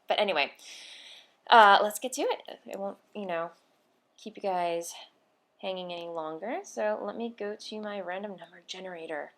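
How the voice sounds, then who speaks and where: Tired and short on sleep, a knitting podcast host chats casually in a vlog with a voice on the low side. She's scatterbrained, rambling along with fillers and laughs.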